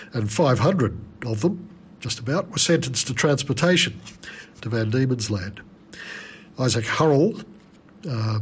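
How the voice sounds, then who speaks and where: A man presenting a folk music radio program, talking in a relaxed, chatty way with some hesitations. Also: mid-range voice, a little hiss or hum.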